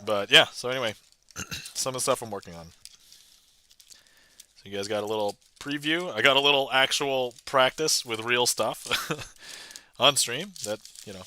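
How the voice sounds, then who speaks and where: Dude chatting on his magic stream, kinda rambly, lots of likes and so's, crisp bright tone. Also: mid-range voice, animated, normal speed, long pauses. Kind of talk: casual livestream chat.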